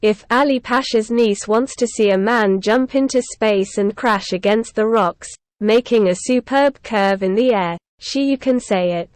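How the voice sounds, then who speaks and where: A woman voicing a robust, calm male Turkish sea captain who speaks with dry irony, in a storybook reading. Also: a little high, unhurried, few pauses, dry recording, close to an everyday voice. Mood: calm, ironic. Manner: steady and even, with a dry ironic edge.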